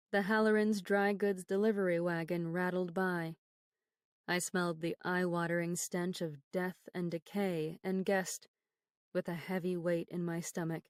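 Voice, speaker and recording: A woman reading a horror novel aloud as an audiobook narrator, in a measured, grave storytelling manner, recorded on a close studio mic. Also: fairly low pitch, a little mellow, no room sound. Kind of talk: scripted narration.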